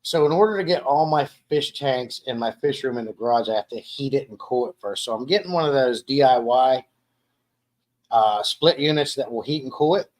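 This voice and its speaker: A man's voice: medium pitch, moderate pace. A man hosting a casual live stream from his dining room at home, reading viewer comments aloud and rambling with frequent restarts and repeated words.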